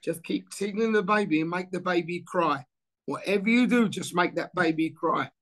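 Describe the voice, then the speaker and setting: A man's voice: high-pitched, normal speed. A man in his sixties telling an anecdote in a casual interview, acting out the dialogue as he goes. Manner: animated storyteller acting out dialogue. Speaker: former footballer interviewee.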